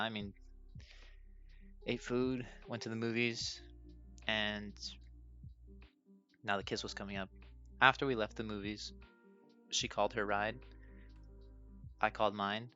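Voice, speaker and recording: A man's voice: fairly low pitch, bright, forceful tone. A young man hosting his own podcast, telling a personal story casually, nervous and self-deprecating, laughing often. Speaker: podcast host. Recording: dull lo-fi sound with faint music.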